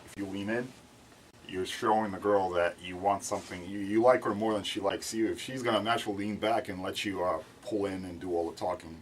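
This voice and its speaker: A man attending a seminar, answering a question eagerly with some halting starts. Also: low-pitched, steady tone, a little hiss or hum, rough recording. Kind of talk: answering in class.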